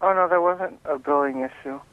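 A man's voice: on the high side, a little fast, no echo. A man answering a prank call, guarded and hesitant in his replies. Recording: tinny phone line.

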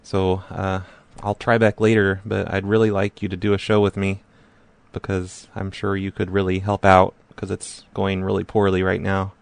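Man, prank call streamer, casual rambling chat, self-deprecating, fairly low voice. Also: monotone, normal speed, creaky, no echo.

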